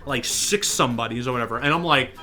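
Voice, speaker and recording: A young man casually telling a funny personal story, acting out the people in it with a louder raised voice, over faint background music. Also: medium pitch, quick pace. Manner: animated, acts out quotes in louder raised voice. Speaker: storyteller and channel host. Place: online virtual social space.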